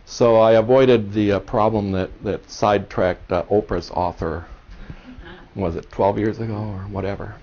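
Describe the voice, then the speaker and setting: A man in his sixties from Cuba gives a seminar talk, his low voice carrying earnest, impassioned storytelling. The recording is dull and lo-fi, muffling the top end of his speech. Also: steady tone, moderate pace. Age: 60s. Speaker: historian and seminar speaker. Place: seminar room.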